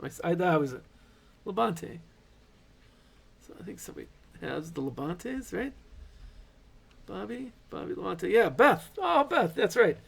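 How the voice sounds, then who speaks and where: A middle-aged man hosts a live trading card break in a relaxed, chatty way, tossing in corny dad jokes between pulls. His voice sits a touch high for a man and has a gravelly edge. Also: normal speed.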